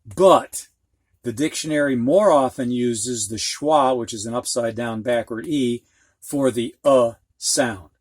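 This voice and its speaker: A man's voice: medium pitch, slow pace, no echo. A man with a Midwestern accent teaching reading, explaining dictionary pronunciation symbols in a frank, plainspoken way and drawing out sounds to demonstrate them. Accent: American Midwest. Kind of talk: slow, explanatory lesson.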